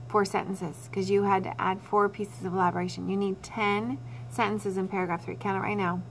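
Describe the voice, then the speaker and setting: Woman, teacher, recorded lesson, instructive, repeats key points, mid-pitched voice, faint hum behind. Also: a bit bright.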